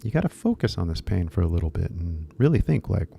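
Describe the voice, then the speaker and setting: A man's voice: low-pitched, very animated, fast, vocal fry, warm tone, slight background noise. A man with an American accent giving a casual, rambling English pronunciation lesson, repeating key words for emphasis. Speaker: English teacher.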